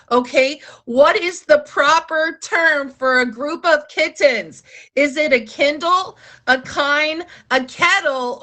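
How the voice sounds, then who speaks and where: A woman's voice: sits high, sharp tone. A woman hosting a live show in a bubbly, chatty, playful way. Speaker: host. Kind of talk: casual live-stream hosting.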